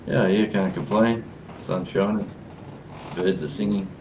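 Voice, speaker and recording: Deep bloke, laid-back, sounds far off the mic in an echoey room. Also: male voice, steady tone, measured pace. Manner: laid-back, dry quips. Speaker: co-host. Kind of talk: casual livestream chat. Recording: distant, echoey, noisy call audio.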